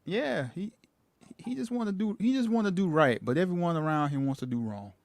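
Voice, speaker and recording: Hesitant man guest, lively higher voice. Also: brisk, vocal fry, dry recording. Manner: hesitant, stammering restarts. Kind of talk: casual chat.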